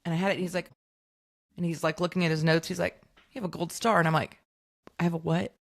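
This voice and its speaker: A woman co-hosting a podcast, telling an animated story in casual chat and acting out the voices of the people in it. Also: fairly low pitch, quick pace. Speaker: podcast co-host.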